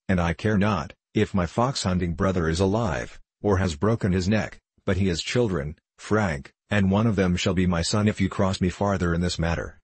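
A stern, proud old merchant father with a very low, husky voice, as a male reader puts him on. He speaks curtly, in a commanding tone. The recording is dry and close, from a storybook reading. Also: dry recording. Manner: curt and commanding.

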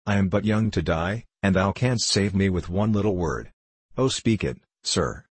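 A man voices a frightened pauper boy, humble and pleading in old-fashioned speech. The voice stays low and husky, with a dry, close sound. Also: lively intonation, normal speed, no echo. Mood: timid, pleading. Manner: timid, pleading archaic speech.

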